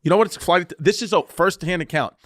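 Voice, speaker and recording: A man's voice: high-pitched, quick pace. A man co-hosting a podcast, telling rambling, swearing anecdotes in casual comedic chat. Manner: rambling, swearing, restarts, laughing retellings. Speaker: podcast co-host.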